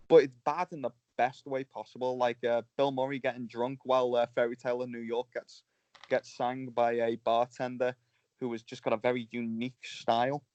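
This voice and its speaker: A man co-hosting a podcast, chatting with dry humour and halting starts. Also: medium pitch, a little mellow, dry recording. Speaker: podcast co-host. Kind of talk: casual chat. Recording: dry dull podcast mic.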